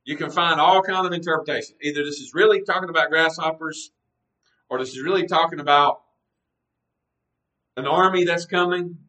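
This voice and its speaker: Male pastor, sermon teaching, earnest, conversational, bright voice, a bit off-mic. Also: on the high side, brisk, long pauses, recorded from a distance, low-quality recording. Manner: earnest, conversational, reads scripture aloud with emphasis.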